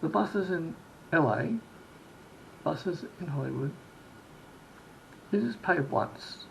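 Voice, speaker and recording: A man's voice: a little high, animated, slow, creaky, a little hiss or hum, low-quality recording. A man from Sydney telling a rambling travel story in a casual vlog, full of restarts and quoted exchanges. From Australia. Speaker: vlogger.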